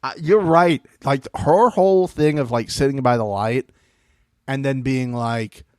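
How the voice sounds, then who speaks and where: A man's voice: medium pitch, unhurried, a little mellow, dry recording, clean studio sound. A man co-hosting a podcast, chatting casually and mockingly acting out the cast. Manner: mocking, acts out the cast in put-on voices. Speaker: podcast co-host. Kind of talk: casual chat recapping a reality show.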